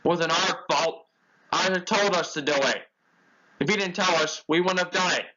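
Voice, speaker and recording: Mischievous freight trucks whine slyly and push the blame onto others, as a man puts them on. The voice is pitched a little higher and sounds bright. The recording is dull and lo-fi. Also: moderate pace.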